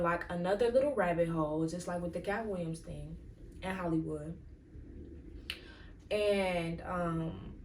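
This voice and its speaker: A fairly low-pitched woman hosts a solo podcast, chatting loosely and rambling through her thoughts with plenty of fillers. She sits back from the mic in an echoey room with a faint hum of ambience behind her. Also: distant mic. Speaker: podcast host. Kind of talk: casual solo commentary.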